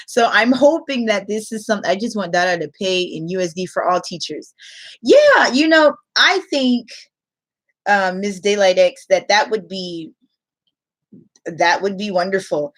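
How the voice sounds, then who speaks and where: A chatty young woman hosts a casual livestream as an online English teacher. She talks loosely and conversationally, greets viewers and answers their comments, and laughs easily between thoughts. Her voice sits at an ordinary middle pitch for a woman. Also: lively intonation, a little slow, a bit bright.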